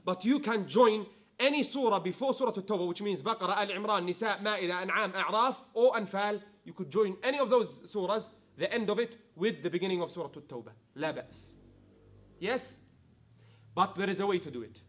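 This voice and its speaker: Male tajweed teacher, high voice, patient explainer who chants example verses. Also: fairly quick, fairly bright tone. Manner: explains rules, then recites verses in a melodic chanting voice; checks in with students, asking if it is clear. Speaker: Quran recitation teacher. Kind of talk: online tajweed class.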